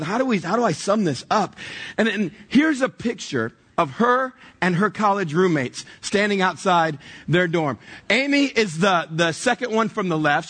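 A middle-aged pastor tells stories from the church stage in a high, husky voice. He is animated and pokes fun at himself, acting out both sides of every conversation. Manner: animated, self-mocking, acts out dialogue. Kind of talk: storytelling sermon. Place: church stage before a congregation.

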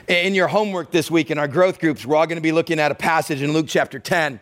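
Pastor, male, sermon delivery; animated storyteller, a touch high-pitched. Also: fast, hardly any pauses. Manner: animated storytelling, acts out voices, rising to near-shouts.

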